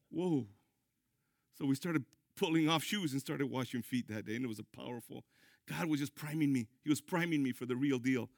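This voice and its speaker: A middle-aged man, a pastor preaching a sermon, emphatic, with sudden loud high bursts. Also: a little fast, vocal fry, no echo, studio quality.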